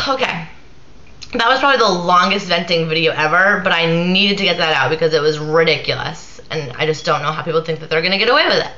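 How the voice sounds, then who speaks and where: A woman's voice: on the low side, fairly quick, pushed and bright. A tired young woman venting in a rambling vlog, full of "like" fillers. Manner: ranting, lots of "like" fillers. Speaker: vlogger. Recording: echoey room, slightly dull sound.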